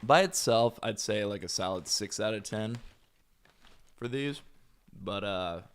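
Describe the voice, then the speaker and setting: A man's voice: on the low side, measured pace, clear, resonant tone. A man streaming, chatting casually and bluntly as he reacts to videos, rambling with fillers.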